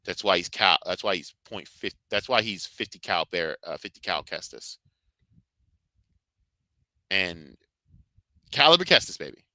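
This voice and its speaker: A man's voice: low voice, lively intonation, a little slow, pauses often, bright, forceful tone, no room sound, poor audio. A man reviewing games and shows in casual commentary, rambling and fervent, swearing heavily. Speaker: video game and Star Wars reviewer.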